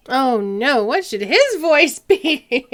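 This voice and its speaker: A woman's voice: high voice, creaky, a bit bright, a little hiss or hum. Giggly woman streaming a game. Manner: giggly, joking asides. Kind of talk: casual let's-play commentary.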